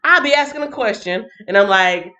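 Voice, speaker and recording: A woman's voice: mid-range voice, animated, normal speed, pushed and bright. A woman hosting a Bible reading livestream in a playful, chatty way, laughing often and talking straight to her viewers. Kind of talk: casual livestream chat.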